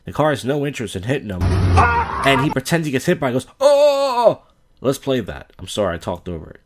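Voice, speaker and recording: A man's voice: medium pitch, big pitch swings, quick pace, music in the background. A man from Philadelphia hosting a reaction video, giving blunt, crude, casual commentary over clips.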